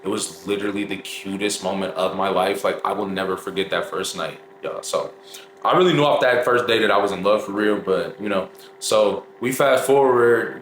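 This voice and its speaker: A man's voice: lowish voice, a bit bright. Chatty young man, echoey room. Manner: chatty, addresses viewers as y'all. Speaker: vlogger. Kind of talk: casual storytime. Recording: echoey room with faint noise.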